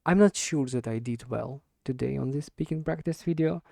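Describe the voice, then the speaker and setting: Hesitant, gravelly-voiced man practicing English. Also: mid-range voice, a little mellow, dry recording, clean studio sound. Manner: hesitant, repeats and restarts words while searching for them; deliberately slow with stressed words. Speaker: English learner recording speaking practice. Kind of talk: unscripted speaking practice monologue.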